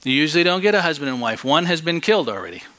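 A man preaching a sermon, telling a story and swinging from hushed tones to loud outbursts. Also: fairly high pitch, very animated, very fast.

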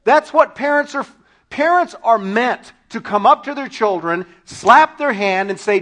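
A high-pitched man preaching a lively sermon in a church. He tells funny stories and bursts into shouted punchlines, laughing along with the congregation. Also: measured pace. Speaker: pastor.

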